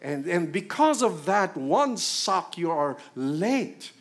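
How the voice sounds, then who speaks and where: Filipino man, middle-aged pastor, sermon, conversational, slightly high voice, very animated pitch. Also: slow. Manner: conversational, asks the congregation questions.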